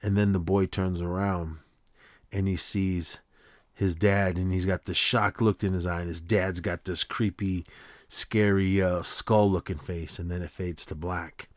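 Low-voiced man rambling through a film recap. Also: steady tone, measured pace, dry recording, clean studio sound. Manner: rambling, with frequent fillers and restarts. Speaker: podcast host.

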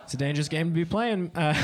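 Lively, profane young stand-up comic. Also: male voice, on the high side. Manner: profane, laughs at his own jokes. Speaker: stand-up comedian. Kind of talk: stand-up comedy set. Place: club stage with an audience.

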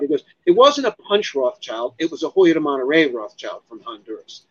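A man telling a story as an interview guest, animated and profane, acting out what others said. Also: fairly high pitch, fairly quick, hardly any pauses, muffled recording. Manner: animated, profane, acts out other people's lines. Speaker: guest, cigar expert.

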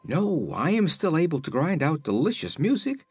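A man's voice: on the high side, huge pitch swings, normal speed, darkish tone, breathy edge, dry recording, soft background music, voice pushed up, heavily acted. A man voicing a sulky talking phonograph. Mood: sulky, boastful. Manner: sad then indignant, sulky. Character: sulky talking phonograph machine, male, proud of its songs.

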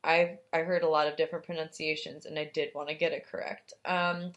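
A young woman co-hosting a podcast, with a slightly low voice and a loose, rambling way of talking. She swears freely and fills her talk with fillers and quick laughs. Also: flat delivery, highs cut off. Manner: chatty, profane, lots of fillers and laughs. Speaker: podcast co-host. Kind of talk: casual chat.

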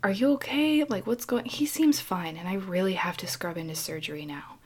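A woman playing a hurried, skeptical surgeon friend who speaks in a hushed whisper. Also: mid-range voice, breathy edge, natural voice.

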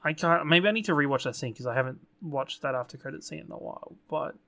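A man with a bright, slightly high voice talks animatedly as a podcast co-host. He swears casually as he goes. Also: fast, vocal fry. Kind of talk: casual chat.

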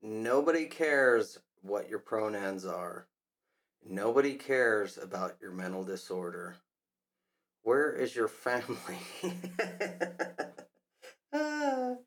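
A man's voice: fairly low pitch, slow, a bit bright. A man hosting a commentary podcast, talking in a scornful, mocking way. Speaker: podcast host.

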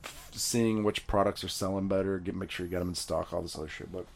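Dude rambling about sim games, kinda low voice, swears a lot, does little voices. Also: male voice, fast talker, creaky, slight background noise. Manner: animated, swearing, acts out quoted voices. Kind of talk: casual chat.

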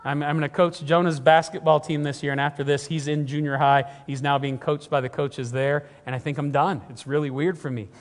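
Middle-aged male pastor, emphatic sermon delivery, high pitch, long hall reverb. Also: steady tone, a little fast, few pauses. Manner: earnest, emphatic preaching, often repeats himself.

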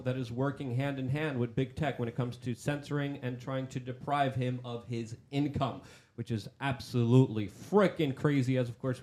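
A man's voice: mid-range voice, a little mellow. An American man hosting a political talk show, speaking in a polished radio presenter voice. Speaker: host.

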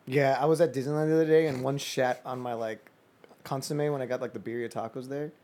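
A man explaining things haltingly in a casual group chat, often restarting. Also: mid-range voice, fairly even intonation, a little mellow.

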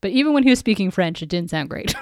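A woman's voice: mid-range voice, expressive, quick pace, dry recording, studio quality. A woman co-hosting a podcast in casual chat who laughs often and gives short reactions. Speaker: podcast co-host.

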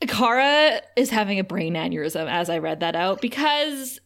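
A woman's voice: mid-range voice, animated, normal speed, few pauses, a bit bright. A woman co-hosting a podcast, talking through a show's episode in casual chat. She laughs easily and swears without a second thought. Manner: laughing, chatty, swears freely. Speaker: podcast co-host.

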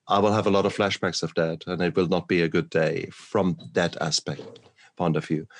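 A man with a very low voice speaks in a measured, deliberate way. He reflects on his own recovery as a guest in a conversation. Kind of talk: reflective personal account of recovery.

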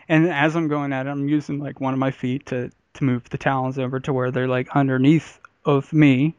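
A man with a slightly high voice tells a crude story in loose podcast chat, often breaking into laughter. His voice sounds dry and a little muffled, close to the mic. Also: clean tone, dry recording. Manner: laughs often while telling stories. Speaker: podcast host.

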